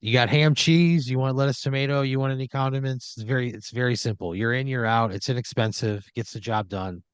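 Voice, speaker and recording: A man's voice: mid-range voice, fairly even intonation, fairly quick, clear, resonant tone, dry recording. A man hosting an improv podcast, narrating a scene in second person with a loose, rambling manner full of "like" and "you know.". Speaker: host running the improv story.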